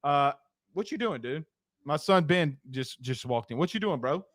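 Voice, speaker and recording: A man hosting a casual sports talk show, chatty and energetic, pitching sponsors and urging listeners to like and share. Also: moderate pace, no room sound.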